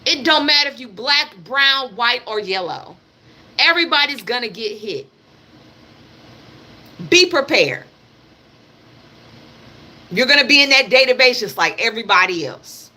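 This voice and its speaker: Brief: woman livestream host, high and bright, blunt and emphatic political rant, repeats herself, swears, speaks straight to viewers. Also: big pitch swings, a little slow, pauses often. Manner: addresses her audience directly. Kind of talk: live political commentary rant.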